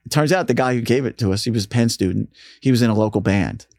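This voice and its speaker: With a fast delivery at medium pitch, the man shares radio station anecdotes as a casual interview guest. He acts out quoted lines in a raised voice, staying animated throughout. The recording is dry.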